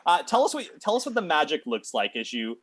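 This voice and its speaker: A man narrating as game master of a tabletop game, talking in a halting way with many fillers and restarts. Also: on the high side, very animated, fairly bright tone, a little hiss or hum.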